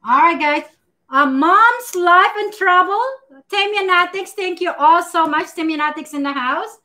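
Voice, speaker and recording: A woman hosting a casual live baking stream, chatting warmly with viewers, greeting them by name and laughing often as she works. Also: very high-pitched, unhurried.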